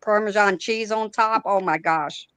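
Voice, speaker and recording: A woman's voice: mid-range voice, a little slow, fairly bright tone, clean tone, no echo. A woman chatting as a guest on a livestream, enthusiastic and talkative. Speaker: guest caller. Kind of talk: casual group chat.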